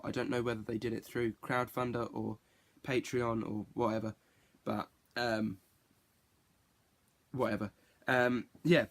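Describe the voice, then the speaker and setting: Chatty man giving a rambling review. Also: medium pitch. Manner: rambling, self-correcting, chatty. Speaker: TV show reviewer. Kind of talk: casual spoken review.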